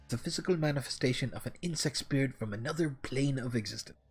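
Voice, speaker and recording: A man's voice: mid-range voice, fast, breathy edge, soft background music. A man voicing a flamboyant, theatrical painted male elf with an airy, teasing manner.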